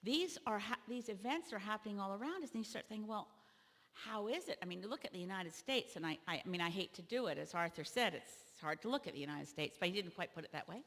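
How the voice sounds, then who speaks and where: A woman from Canada, a party leader, giving an animated convention keynote speech that rises to loud emphatic peaks. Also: mid-range voice, quick pace, few pauses. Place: large convention hall. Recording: long reverb of a large hall.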